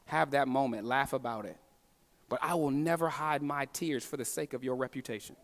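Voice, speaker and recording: A man preaching a sermon as pastor. His delivery is impassioned, swinging between hushed moments and emphatic calls. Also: mid-range voice, moderate pace. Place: church sanctuary. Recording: long reverb of a large hall.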